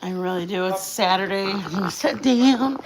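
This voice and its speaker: A middle-aged woman hosting a casual home-kitchen live stream, chatting in a rambling, warm way with her viewers. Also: mid-range voice, normal speed, creaky, heavy background noise. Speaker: channel host. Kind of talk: casual chat while cooking, live stream.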